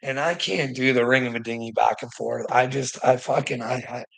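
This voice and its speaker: Gravelly, husky man in a profane rant. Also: medium pitch, fairly even intonation, moderate pace. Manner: profane, swears constantly; stammers and restarts. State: weary. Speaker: vlogger. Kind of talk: ranting monologue to the camera.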